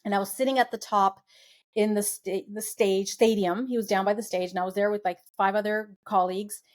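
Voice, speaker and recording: A middle-aged woman talking as a guest, recounting a personal story in a conversational way. Her pitch sits in an ordinary middle range, and she brings the people in her story to life by voicing their lines. She laughs now and then as she tells it. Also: fairly quick. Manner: animated, acts out quoted voices.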